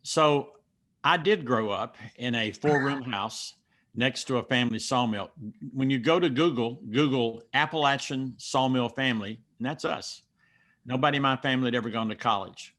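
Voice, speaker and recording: A man's voice: medium pitch, bright, forceful tone. Folksy Southern-accented man coaching. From mountains of North Carolina. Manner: folksy, step-by-step instructive, emphatic. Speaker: speaker coach answering questions. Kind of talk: teaching Q&A and personal storytelling.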